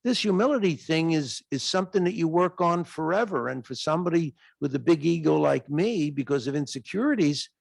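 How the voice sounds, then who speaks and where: A man giving an animated answer in a lecture question period, acting out dialogue as he tells a story. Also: fairly quick, gravelly, few pauses, no room sound. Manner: animated storytelling, acts out dialogue in raised pitch. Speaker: guest lecturer. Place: lecture hall.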